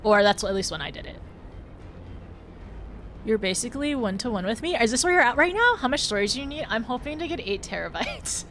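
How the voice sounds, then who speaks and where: A woman's voice: on the high side, sing-song, fairly quick, a bit bright, slight background noise. A woman livestreaming a game, chatting casually with viewers, giggling often and tripping over her words. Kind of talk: casual live-stream chat while gaming.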